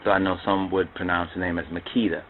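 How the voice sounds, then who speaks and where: A man with a low voice gives a rambling spoken lecture, circling back and repeating his phrases. The recording sounds thin and phone-like, with a faint hiss underneath. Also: monotone, fast talker. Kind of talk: religious history lecture. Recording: tinny phone-like audio with faint noise.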